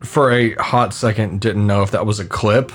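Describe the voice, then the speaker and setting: A man's voice: lowish voice, steady tone, normal speed, very noisy. A man co-hosting a podcast, teasing and laughing often in casual chat. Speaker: podcast co-host.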